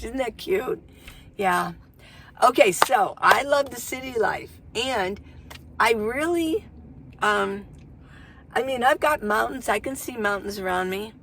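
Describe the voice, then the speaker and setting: A woman's voice: medium pitch, creaky, slightly rough. An older woman vlogging about van life, chatting casually and telling stories in a folksy way. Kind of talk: casual chat to camera.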